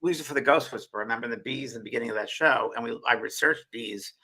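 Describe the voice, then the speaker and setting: A man's voice: mid-range voice, racing, pushed and bright. A man co-hosting a casual spiritual chat show, musing aloud and often repeating and restarting his words. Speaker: co-host.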